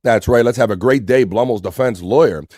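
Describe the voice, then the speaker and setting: An upbeat man with a US East Coast accent hosts a casual livestream. He reads chat messages aloud and greets viewers by name in a voice of middling pitch. The sound is dry and close, with no room echo. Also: a little fast, darkish tone, faint music behind. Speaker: livestream host.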